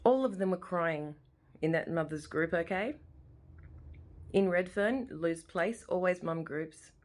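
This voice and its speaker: A woman's voice: on the low side, a little slow. An Australian woman in her forties, talking straight to camera at home in an impassioned, rambling way that often repeats itself. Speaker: vlogger. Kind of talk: emotional personal monologue. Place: living room at home.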